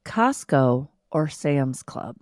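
A woman co-hosts a podcast in loose, chatty talk, laughing easily between questions. Her voice sits low for a woman, and the sound is dry and close with no room around it. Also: very animated, drawn-out words, a little mellow, no room sound. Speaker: podcast co-host. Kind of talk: casual chat.

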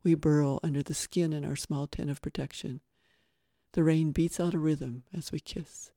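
Bright-voiced man reading a story. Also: fairly high pitch, steady tone, moderate pace, dry recording, clean studio sound. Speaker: podcast co-host and reader. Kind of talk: reading a novel excerpt aloud.

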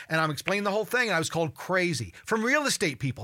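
A man in his sixties hosting a call-in radio talk show, talking in an animated way, stumbling over repeated words and swearing when riled up. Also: sits high, fast, hardly any pauses.

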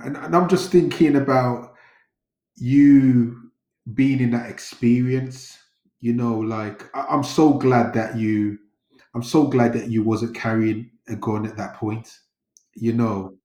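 A man hosts an interview at a very slow, unhurried pace. He responds earnestly with many filler phrases. His voice rings in an echoey room. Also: mid-range voice, steady tone, warm tone. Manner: encouraging, many filler phrases like you know. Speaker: interview host. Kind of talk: casual interview.

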